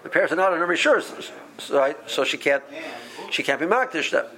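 Animated man teaching a Talmud class. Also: on the high side, moderate pace. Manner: animated, acts out the rabbis' voices, many restarts. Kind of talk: explaining a text to a study group.

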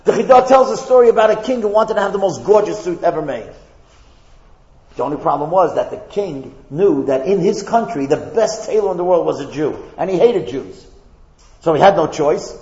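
Male rabbi preaching to an audience, high-pitched and very animated, acts out his stories, recorded dull and lo-fi in a reverberant hall. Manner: animated storyteller, acts out characters in the story, jokes. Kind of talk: lively sermon to a live audience. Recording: echoey hall, dull lo-fi sound.

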